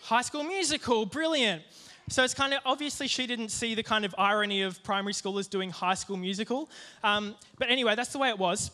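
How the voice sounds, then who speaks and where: A young man giving a youth sermon, telling a personal story in a lively, joking way with plenty of asides. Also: high-pitched, a little fast. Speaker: youth group speaker.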